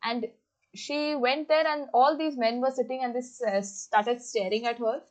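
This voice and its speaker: A woman hosting a podcast in casual book chat, gushing and excitable, with lots of fillers. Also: fairly high pitch, moderate pace. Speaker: podcast host. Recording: dull lo-fi recording.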